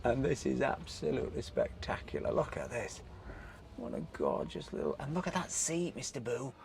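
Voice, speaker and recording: A man's voice: medium pitch, very animated, normal speed, creaky, darkish tone, a little hiss or hum. A man hosting a travel vlog, chatting enthusiastically about the scenery while he drives. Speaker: vlog host. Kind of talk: casual travel commentary while driving. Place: inside a small electric car on village streets.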